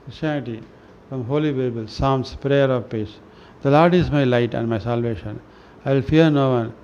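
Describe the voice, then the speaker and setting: A man reading spiritual scripture aloud in a slow, halting way, often restarting words and clearing his throat. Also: mid-range voice, darkish tone. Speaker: reader of a spiritual newsletter. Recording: dull lo-fi recording with faint noise.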